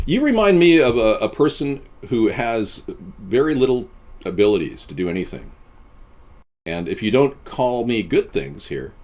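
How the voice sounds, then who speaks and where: A man with a fairly low voice hosts a live stream and talks straight to his viewers. His delivery is deadpan and boastful, with pitch that rises and falls widely as he wanders from one subject to the next. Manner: deadpan, boastful, jumping between topics.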